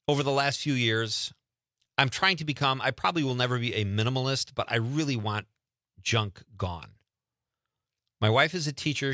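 A man hosts a show in a casual radio-style chat, joking and poking fun at himself. His medium-pitched voice sounds pushed and bright. The studio sound is clean, with no echo.

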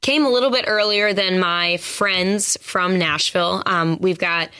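A young woman, a singer-songwriter, chatting as a guest in a radio studio, halting and friendly with many ums. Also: lowish voice, pushed and bright, clean tone. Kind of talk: casual radio interview chat.

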